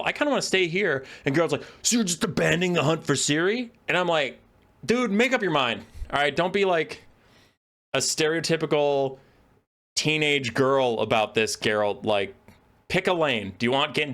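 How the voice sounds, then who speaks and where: A man's voice: mid-range voice, a bit bright. A young man ranting sarcastically as a lore video host, mocking characters in quoted voices and sounding exasperated. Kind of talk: ranting commentary.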